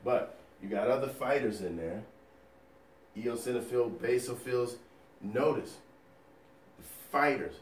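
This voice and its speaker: A male nursing educator teaching a recorded lecture over slides, energetic and folksy, firing rhetorical questions at the listener. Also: mid-range voice, unhurried, pauses often, reverberant, distant mic, a little hiss or hum. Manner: folksy and playful.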